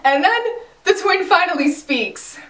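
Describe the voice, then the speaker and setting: A woman casually recapping a TV finale, animated and slangy, exclaiming and laughing as she tells it. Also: very high-pitched, measured pace, far from the mic. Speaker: recap vlogger. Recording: echoey room, a bit off-mic.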